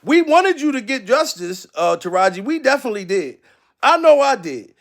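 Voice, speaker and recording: A man with a very high, gravelly voice delivers a comedic rant, loud and profane. He sounds exasperated and often breaks into shouts. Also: very animated, moderate pace. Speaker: commentary host.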